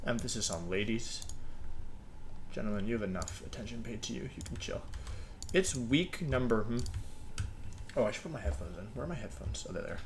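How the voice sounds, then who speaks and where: A man's voice: medium pitch, expressive, fairly quick, a little hiss or hum. A young man chatting casually to his viewers while recording a game video at his desk at home, rambling and joking at himself. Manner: rambling, self-mocking, talks to himself. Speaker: gaming video creator.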